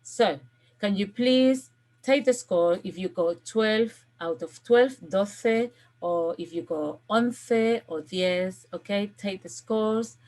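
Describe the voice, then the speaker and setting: A woman's voice: mid-range voice, slow pace, a little mellow. A woman language teacher recording a video lesson, giving patient step-by-step instructions and often checking in with "okay?". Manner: gives step-by-step classroom instructions.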